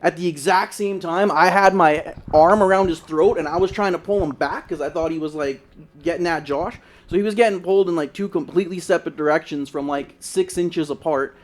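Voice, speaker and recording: Young guy, kinda high voice, rambling storytime on a podcast, lots of "like" and swearing. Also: a little fast. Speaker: podcast co-host. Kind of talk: casual storytelling.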